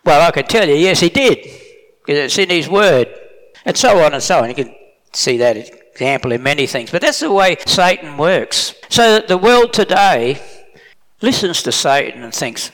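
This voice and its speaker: A man's voice: on the high side, lively intonation, moderate pace, a bit bright. A middle-aged man preaching a sermon in a plain-spoken, emphatic way, often correcting himself mid-sentence. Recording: long reverb of a hall.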